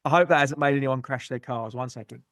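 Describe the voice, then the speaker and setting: A man hosting a gaming podcast on his own, rambling through shout-outs and jokey, self-mocking asides. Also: medium pitch, fast talker, no echo, clean studio sound. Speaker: podcast host. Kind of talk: solo gaming podcast chat.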